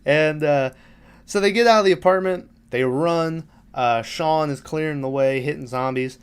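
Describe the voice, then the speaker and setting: A man's voice: fairly high pitch, normal speed, smooth. A man hosting a podcast, recapping a film in a rambling, casual, profane way, laughing now and then. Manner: rambling, profane, laughs while retelling scenes. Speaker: podcast host.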